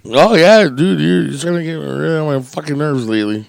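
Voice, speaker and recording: A man's voice: a little high, fairly quick, creaky, dry recording. A man co-hosting a podcast, talking in casual, crude, joking banter. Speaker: podcast co-host. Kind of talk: casual chat.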